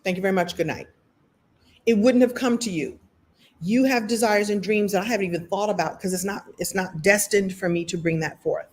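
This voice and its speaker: A woman hosting a live motivational recap, talking to an online audience in an animated, playful way, with laughs and acted-out little scenes. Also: medium pitch, fairly quick.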